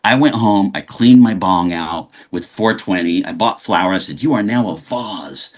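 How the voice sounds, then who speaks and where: A man from Los Angeles with a somewhat low voice speaks as a guest in a relaxed interview. He is a lively storyteller who slips into the voices of the people in his anecdotes. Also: normal speed. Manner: animated storyteller who acts out quoted dialogue. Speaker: actor guest.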